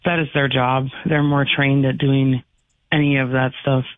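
A man's voice: mid-range voice, flat delivery, normal speed, no room sound. A man calling in to a radio talk show, earnestly giving advice. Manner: earnest, advising. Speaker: caller. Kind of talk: call-in radio chat. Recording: dry phone line.

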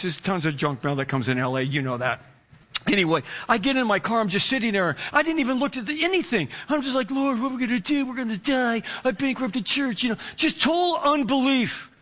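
Animated high-voiced male pastor. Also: fast. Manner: animated storyteller, acts out quotes. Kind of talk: sermon with personal story.

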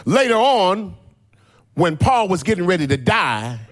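An older man is preaching a sermon, and his slightly high voice climbs and falls over a wide range. He moves between quiet explanation and a sung, shouted preaching cadence. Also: big pitch swings, a little slow.

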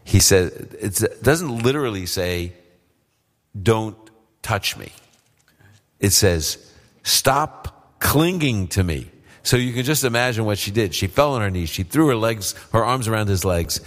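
A deep-voiced man answers audience questions about scripture on a live radio show. He explains in a relaxed, conversational way, with plenty of fillers. The sound has a long reverb from the hall.

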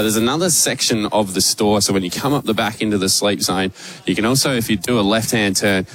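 A man's voice: fairly low pitch, a bit bright. A man with an Australian accent, a radio host broadcasting live from a store, chatty and joking, out of breath. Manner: chatty, joking, upbeat promo patter. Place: large retail store, indoors.

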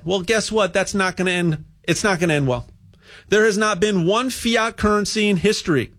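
A man talks in a loose, rambling way, tripping over repeated words as he promotes buying gold. His voice sits a little high for a man. He builds into animated rants about spending and debt. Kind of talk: casual sales monologue.

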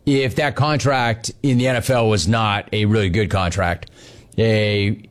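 A middle-aged man hosting a sports radio show, telling stories in a casual, animated monologue. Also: on the low side, measured pace. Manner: animated storytelling, mimics others in dialogue.

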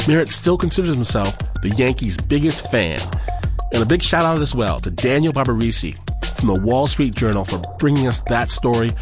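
Man, radio host outro, friendly, music behind. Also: medium pitch. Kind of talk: scripted outro and credits.

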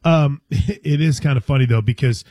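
A man's voice: medium pitch, moderate pace, dark tone, no echo. A man hosting sports talk radio, chatty and casual, with many restarts and fillers.

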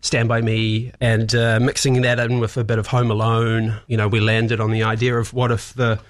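A man, a guest in a radio studio, telling stories in an animated way, acting out what people said. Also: medium pitch, moderate pace. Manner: animated storyteller, acts out quotes, laughs often. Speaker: actor and writer guest. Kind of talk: casual chat.

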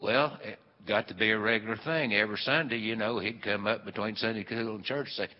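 A man's voice: fairly low pitch, steady tone, a little fast. A man telling a folksy family story to a live audience, rambling along with plenty of fillers. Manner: folksy and meandering, with many fillers. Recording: dull, hall-echoed live recording.

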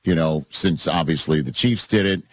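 A man's voice: very deep voice, normal speed, dry recording. A man hosting a sports radio show, steering the chat with playful questions. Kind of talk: casual sports talk.

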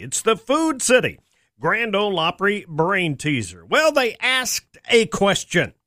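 A man's voice: high-pitched, a bit bright, dry recording, clean studio sound. A man hosting a country radio show, chatting in a folksy, joking way. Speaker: radio host. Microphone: studio microphone.

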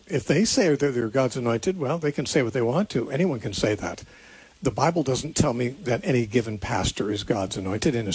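A man's voice: mid-range voice, darkish tone, breathy edge, dry recording. A man hosting a call-in radio show, answering listeners' Bible questions in an earnest, thinking-aloud way with frequent restarts. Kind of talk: unscripted call-in radio teaching.

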